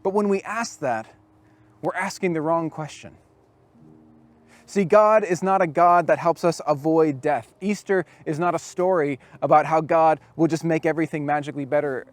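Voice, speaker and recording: Earnest, higher-voiced male preacher. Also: fairly even intonation, dry recording, soft background music. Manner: earnest, with dramatic pauses, often dropping to a hush. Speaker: camp speaker. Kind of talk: storytelling sermon.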